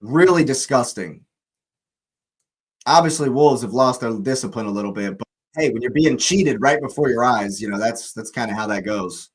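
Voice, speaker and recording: A man's voice: mid-range voice, lively intonation, moderate pace, husky, rough recording. A young man hosting a live football watch-along, ranting angrily at the referee, swearing and repeating himself.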